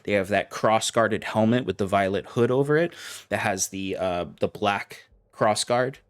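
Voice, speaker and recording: A man narrating as game master, describing scenes in a relaxed way with fillers. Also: lowish voice, normal speed, clear, resonant tone.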